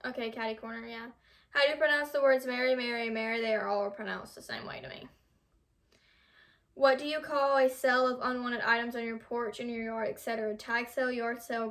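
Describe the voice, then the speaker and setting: A woman's voice: on the high side, fairly bright tone. Young woman reading quiz questions aloud. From United States. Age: young adult. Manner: reads questions aloud, stumbles over words. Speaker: vlogger.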